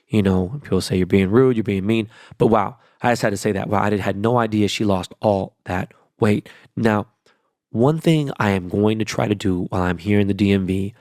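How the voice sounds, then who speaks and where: Podcast host, male, low voice, dry close sound, profane emphatic rambling solo talk. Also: dry recording. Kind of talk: casual solo podcast monologue.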